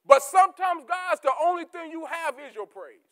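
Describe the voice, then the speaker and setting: Man preaching, very high voice, shouted peaks, low asides, repeats key words. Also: animated, moderate pace. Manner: rising to shouts, then dropping to low asides. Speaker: pastor. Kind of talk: sermon.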